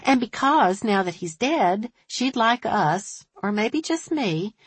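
A woman voicing a shrewd, observant small-town woman who talks briskly and thoughtfully. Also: mid-range voice, lively intonation, breathy edge, no echo, voice pushed up. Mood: insistent.

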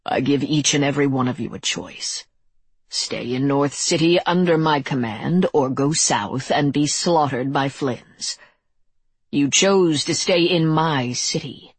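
A woman voicing a calm, smiling male crime boss who speaks with cool control in a storybook reading. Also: deep voice, unhurried, slightly rough, dry recording. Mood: cold rebuke.

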